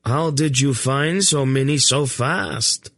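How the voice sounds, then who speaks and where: A man's voice: mid-range voice, slow, a bit bright, no echo, studio quality, voice pushed up. A man doing an earnest young battle leader. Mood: relieved.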